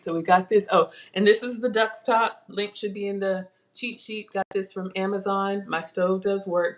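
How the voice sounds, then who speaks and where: A woman's voice: medium pitch, slight background noise. A woman hosting a live home cooking class, chatty and self-teasing as she talks to viewers from her kitchen. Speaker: cooking show host.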